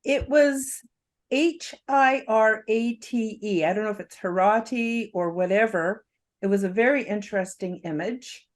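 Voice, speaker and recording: A woman hosts an interview over a video call, speaking very slowly and deliberately. Her pitch sits in a middle range, and she tends to confirm things with short affirmations. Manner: slow, deliberate questions with brief affirmations. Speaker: host.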